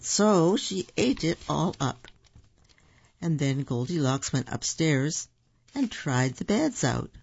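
A storyteller reads picture books aloud to children at a very slow, gentle pace, stopping for asides to the listeners. The voice has a gravelly grain. The recording is dry, dull and lo-fi. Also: medium pitch, dry recording.

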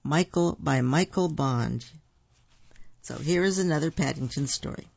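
A storyteller reading picture books aloud to children, slow and gentle, with asides to the listeners. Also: mid-range voice, creaky, dry recording. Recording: dull lo-fi recording.

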